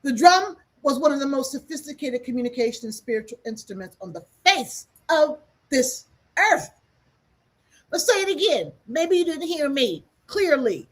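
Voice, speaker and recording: A woman's voice: high-pitched, very animated, moderate pace, rough recording. A woman giving an emphatic spiritual teaching, repeating key lines for weight.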